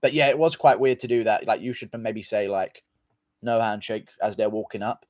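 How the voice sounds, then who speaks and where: A man's voice: fairly low pitch, fairly quick, darkish tone, no echo. A man hosting a casual livestream, reading viewer comments in a loose, offhand manner and swearing freely. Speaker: livestream host.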